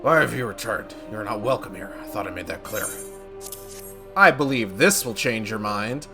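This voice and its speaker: A man voicing a weary older male elder, speaking in a grave, measured, old-fashioned way. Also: on the low side, animated, over music. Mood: stern then relieved. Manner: grave, measured, archaic speech.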